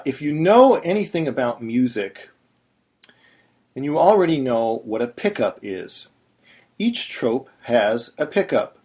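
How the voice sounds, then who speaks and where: A man's voice: medium pitch, a little mellow. A man teaching in a patient, explanatory way, now and then breaking into short sung syllables. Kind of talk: screen-recorded tutorial.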